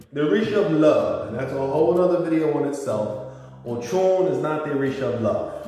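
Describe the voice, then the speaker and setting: A man's voice: on the high side, a little mellow, heavy reverb, long reverb tail, distant mic. A man talking informally to his viewers as a YouTuber, explaining words and spelling them out. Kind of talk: casual monologue to camera.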